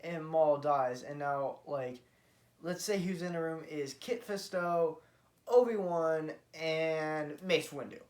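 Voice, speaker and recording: A man's voice: on the high side, takes it slowly. A man casually retelling a fan story, rambling with many fillers and correcting himself as he goes. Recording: roomy echo.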